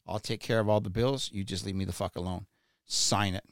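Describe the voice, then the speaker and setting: A man's voice: lowish voice, fairly even intonation, brisk, no echo, clean studio sound. A man casually telling a personal story, blunt and profane, stammering and repeating words when worked up.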